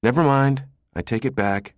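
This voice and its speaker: A man's voice: medium pitch, normal speed, dry recording, studio quality, voice pushed up, lightly acted. A man voicing a nervous, exasperated male office assistant who pleads in a flustered way.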